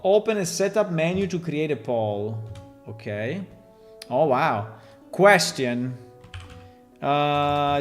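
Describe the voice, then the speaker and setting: An Italian man with an Italian accent rambles and jokes with his chat during a casual live stream while he works on a game. His voice sits in the mid range.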